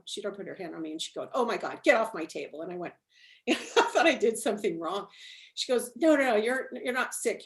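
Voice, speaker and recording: A middle-aged woman telling her story as an interview guest, rambling with fillers and restarts and laughing often. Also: on the low side.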